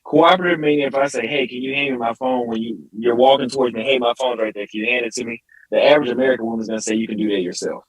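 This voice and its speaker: A man's voice: mid-range voice, very fast, few pauses, husky, dry recording, low-quality recording. A man as a podcast guest in a heated debate, insistent, stumbling over restarts.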